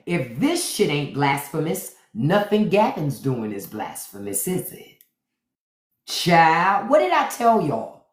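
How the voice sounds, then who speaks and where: A woman's voice: low voice, sing-song, slow. A woman hosting a livestream, giving blunt, profane, mocking commentary straight to her viewers. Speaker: livestream host. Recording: roomy echo.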